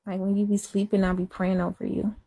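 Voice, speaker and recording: A woman chatting casually and confessionally, rambling and repeating herself, sometimes dropping to a hush. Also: medium pitch, flat delivery, fairly quick, slightly rough. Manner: rambling, repeats herself, soft and hushed at times. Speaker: live-stream chatter.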